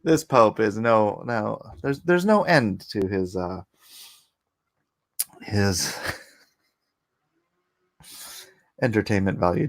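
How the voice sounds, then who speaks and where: A man hosting a casual livestream, chuckling often and reading chat aloud, a little hoarse after coughing. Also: fairly low pitch, slow, pauses often. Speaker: livestream host.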